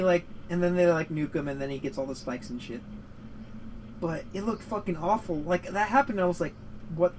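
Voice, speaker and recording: On a rough recording with a bit of hiss or hum, a high-voiced man co-hosting a gaming show gives casual commentary. Rambling and profane, he gets into a heated rant about a movie.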